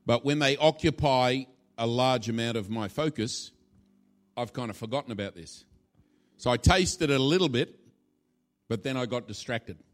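A man's voice: mid-range voice, normal speed. A male pastor preaching a sermon in a church, informal and playful, acting out little scenes as he teaches. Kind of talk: sermon with a live demonstration.

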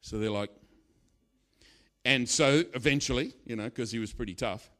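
A middle-aged man preaching a sermon, telling a story with animated delivery and sudden loud bursts. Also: medium pitch, moderate pace, long pauses.

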